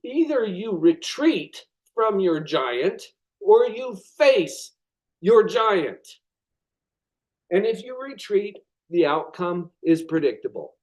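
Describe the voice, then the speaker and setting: Man, higher-pitched, motivational class presenter; expressive, emphatic pauses. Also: poor audio. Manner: expressive, dramatizes with acted inner thoughts; deliberate emphatic pauses on key words. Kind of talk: motivational lecture.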